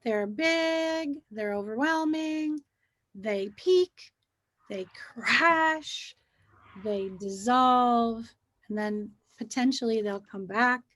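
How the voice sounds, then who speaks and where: A woman's voice: a little high, extremely slow, no echo, clean studio sound. A woman in a casual chat about feelings, talking animatedly and acting out the way she speaks to children. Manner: animated, acts out what she says to children.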